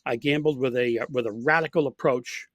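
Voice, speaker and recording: A man's voice: mid-range voice, normal speed, a bit bright, dry recording. A man who coaches college golf, telling an anecdote in an interview with many fillers and restarts. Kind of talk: storytelling in an interview.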